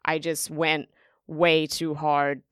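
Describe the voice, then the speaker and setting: A woman stand-up comedian in casual conversation, telling animated stories and acting out what people said. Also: low-pitched, slow, smooth, no echo, studio quality. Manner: animated storytelling, acts out quotes. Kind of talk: casual podcast chat.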